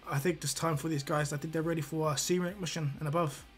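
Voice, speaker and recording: A man voicing an older male village leader in a calm, fatherly way. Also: a little high, fast, faint music behind, natural voice. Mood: approving.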